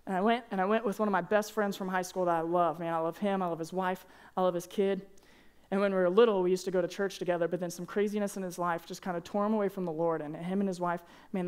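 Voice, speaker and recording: A young man preaching a casual, earnest sermon to high school students, peppering his talk with "man" and "like". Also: clear, resonant tone. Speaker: youth pastor. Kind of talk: youth sermon.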